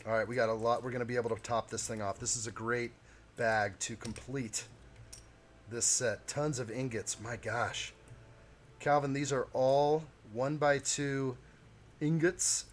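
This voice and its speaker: A man in the middle of his range talks loosely to his live-stream audience, thinking aloud as he works. His chat wanders and chuckles along. A faint layer of noise sits under the voice. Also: medium pitch. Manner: chatty, talks to viewers while building, chuckles. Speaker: live-stream host building a model kit.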